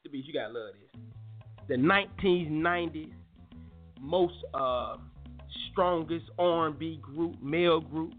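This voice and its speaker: A man's voice: on the high side, a little slow. A man hosting a morning show in loose, joking casual chat, full of slang, laughs and restarts. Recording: tinny phone-like sound with faint music.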